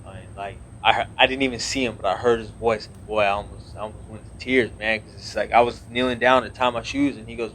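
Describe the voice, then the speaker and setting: A man's voice: medium pitch, steady tone, fast talker, hardly any pauses, a bit bright, slight background noise. A man in his thirties, a naval officer, talking earnestly in a casual podcast interview, rambling with many restarts.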